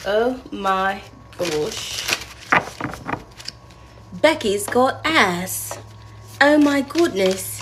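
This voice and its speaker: A woman's voice: medium pitch, animated, extremely slow, long pauses. A woman reading tarot cards on a live stream, chatty and giggly, calling her viewers darling and using slang, over noisy background hiss. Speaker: tarot reader.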